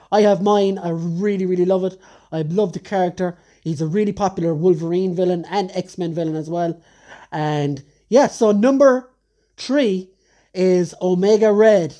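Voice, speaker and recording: A man's voice: high-pitched, dark tone. A man reviewing action figures in a casual top-ten countdown, chatty and enthusiastic, often correcting himself mid-sentence. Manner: chatty, enthusiastic collector with frequent self-corrections.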